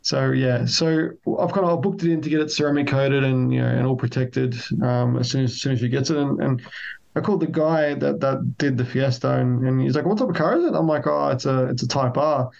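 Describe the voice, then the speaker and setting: A man's voice: medium pitch, steady tone, fairly quick, creaky, a little mellow, lo-fi sound. A man chatting casually as a podcast co-host, rambling with lots of restarts. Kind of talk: casual chat.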